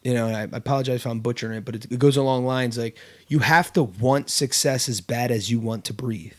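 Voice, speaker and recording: A man's voice: mid-range voice, fairly quick. A man hosting a casual podcast chat, telling a story with lots of fillers and restarts. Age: adult with kids. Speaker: podcast host.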